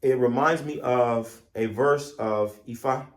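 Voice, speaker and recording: A man who is an Ifa priest, giving a deliberate, animated spiritual teaching woven with myth. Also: medium pitch. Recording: echoey room.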